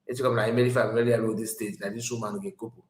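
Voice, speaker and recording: A man's voice: fairly low pitch, level tone, fast talker, reverberant. A man with a Nigerian accent giving mocking, casual commentary, mixing English with Igbo and laughing often. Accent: Nigerian, Igbo-mixed English.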